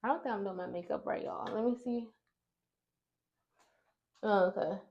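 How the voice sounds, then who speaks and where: A young woman vlogger telling an exasperated, animated story to her viewers while doing her makeup. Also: medium pitch, normal speed, lo-fi sound. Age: young adult.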